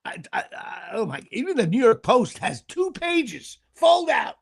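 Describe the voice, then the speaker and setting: A man's voice: extremely high pitch, very animated, unhurried, gravelly, slightly rough. A middle-aged man, hosting a show in casual, comedic, profane chat with stammering repeats. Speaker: podcast host.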